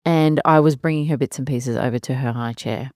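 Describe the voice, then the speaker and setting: A woman's voice: extremely low pitch, brisk, darkish tone, no echo, clean studio sound. A woman, hosting a solo parenting podcast and talking candidly and emotionally, laughing through her worries. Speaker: podcast host.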